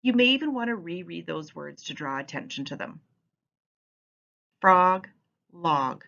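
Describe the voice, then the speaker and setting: Woman teacher, voice-over, bright and lively, expressive, slightly muffled recording. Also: fairly low pitch, a little fast. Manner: clear, expressive teaching delivery. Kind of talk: instructional voice-over.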